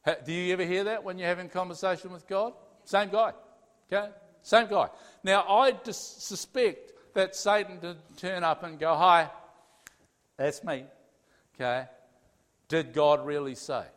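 A fairly high-voiced man preaches in a chatty, animated way and keeps tossing "okay?" to his listeners. His voice rings out with a long reverb from a large hall. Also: moderate pace. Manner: animated, tags sentences with "okay?". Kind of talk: conversational sermon.

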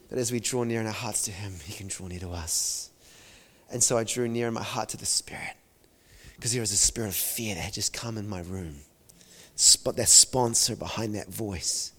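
A male preacher tells a personal story in an animated sermon, dropping to near-whispers and then rising to loud exclamations. His voice carries the long reverb of a large hall. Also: medium pitch.

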